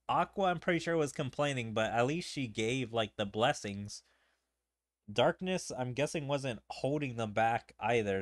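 A man's voice: medium pitch, dry recording, clean studio sound. A man giving casual gameplay commentary, musing and thinking aloud to himself as he plays. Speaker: streamer playing a game.

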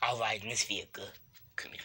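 A man's voice: on the low side, fairly even intonation, fast, bright, forceful tone, slightly rough. A young man playfully narrating a block game, voicing its characters and making animal noises. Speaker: video maker voicing toy-like game characters.

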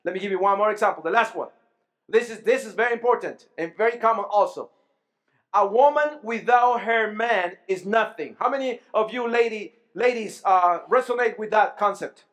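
A male pastor with a high-pitched voice, preaching a lively sermon in a church. He keeps checking in with the congregation and often repeats or restarts his words as he builds his point. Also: fairly quick. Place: church sanctuary.

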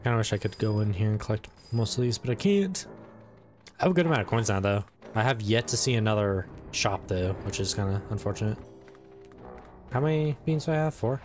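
A man giving casual let's play commentary, excitable, talking to the game and saying "dude" a lot. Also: fairly low pitch, fast, faint music behind. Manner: excitable, talks to the game and its characters.

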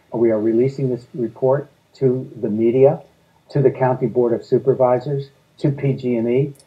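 A man's voice: mid-range voice, dull audio. A man being interviewed as a guest, laying out his points steadily and in order. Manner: steady, methodical, lists points in sequence. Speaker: guest, energy policy advocate. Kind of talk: earnest interview answers.

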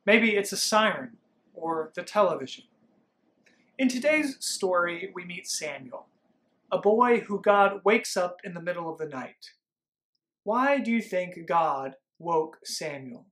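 A man's voice: sits high, expressive, unhurried, fairly bright tone. A man working as a children's pastor, reading a Bible story to young children and leading them in call-and-response prompts.

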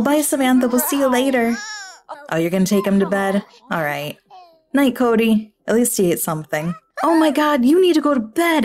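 A woman gives easygoing let's-play commentary, fussing over her game characters like a mother. Her voice sits a little high and swoops up and down with lots of life. She laughs often and exclaims quickly. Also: a little mellow. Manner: chatty, talks to her game characters like family. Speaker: gaming YouTuber.

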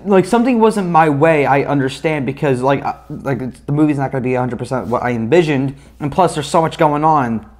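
Excitable young man reviewing a movie. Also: on the high side. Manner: excited, rambling, swearing, many fillers. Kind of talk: casual spoken review.

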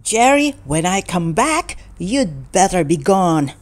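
A woman's voice: lowish voice, big pitch swings, slow pace. A woman voicing a stubborn, matter-of-fact man who runs a lost property office in a children's story.

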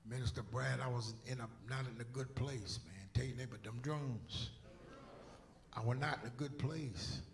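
A man preaching a sermon as pastor, swinging between loud shouts and hushed whispers. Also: medium pitch, moderate pace, gravelly. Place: church sanctuary.

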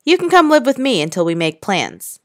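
A woman reading aloud, voicing a blunt woman country doctor in a calm, matter-of-fact way. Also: on the high side, normal speed, dry recording, studio quality, pitched above the performer's own voice. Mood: firm.

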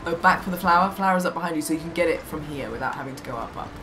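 A woman's voice: deep voice, racing, noisy background. A woman helping a friend through a game on a live stream, teasing her, greeting viewers and giving tips. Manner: playful, teasing, greets chat and gives tips. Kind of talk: casual live-stream chat.

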